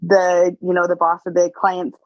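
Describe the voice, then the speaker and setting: A woman's voice: on the low side, monotone, normal speed, dry recording. Woman, sales coach, blunt, emphatic, profane, dry close sound, slightly muffled. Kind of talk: casual coaching chat.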